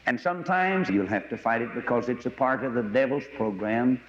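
Male preacher, folksy storyteller with excitable high bursts; lo-fi recording in a reverberant hall. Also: brisk, slight background noise. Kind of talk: sermon. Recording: dull lo-fi audio with long hall reverb.

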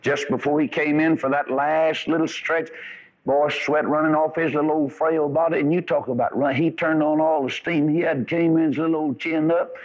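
A man's voice: fairly high pitch, steady tone, moderate pace. A man preaching a sermon, telling folksy stories with rising and falling emphasis. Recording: dull lo-fi radio broadcast.

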